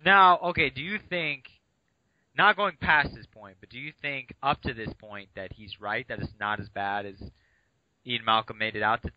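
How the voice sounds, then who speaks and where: A man's voice: mid-range voice, moderate pace, no echo. Chatty man on a lo-fi podcast. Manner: chatty, playful, easily sidetracked. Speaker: podcast co-host. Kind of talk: casual book discussion.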